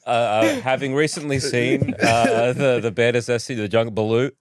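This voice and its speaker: A man's voice: medium pitch, fairly even intonation, moderate pace, no echo. A man co-hosting a casual comedy podcast, playful and often trailing off mid-thought. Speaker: podcast co-host.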